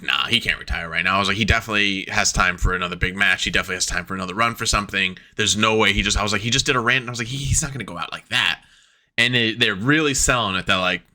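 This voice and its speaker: A man co-hosts a casual podcast chat in a bright, edgy, tense voice. He gets excitable fast, swearing freely and acting out his reactions as he goes. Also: fairly low pitch. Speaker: podcast co-host.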